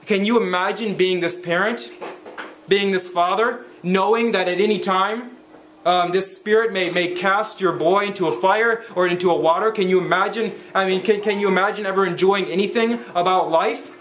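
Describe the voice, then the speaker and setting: This male pastor's voice sits high with a fairly bright tone, recorded by handheld camera in church amid slight background noise. Preaching from scripture and explaining it, he speaks haltingly, frequently restarting his sentences with fillers.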